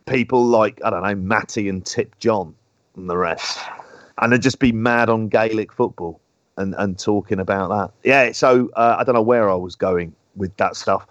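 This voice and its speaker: A man with a London accent co-hosts a podcast, talking in a rambling, casual way and swearing now and then. His voice sits fairly low. The recording is dry and slightly muffled. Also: normal speed, dry recording. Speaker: podcast co-host. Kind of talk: casual chat.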